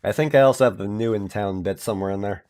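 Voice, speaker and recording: A man's voice: on the low side, fast, darkish tone. A man streaming and chatting casually, rambling with lots of filler words and restarts. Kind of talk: casual chat.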